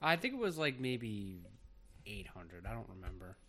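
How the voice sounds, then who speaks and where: A man's voice: fairly low pitch, very animated, moderate pace, pushed and bright. A young man on a casual podcast, answering sheepishly in short, mumbled replies. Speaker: podcast co-host. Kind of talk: casual chat.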